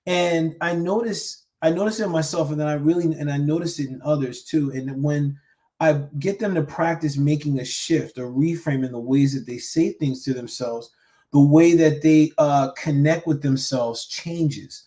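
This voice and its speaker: A man who founded a men's education group, coaching viewers in an earnest, animated live-stream talk with frequent restarts and pauses. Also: on the high side. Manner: mimics harsh self-talk in sharp raised bursts.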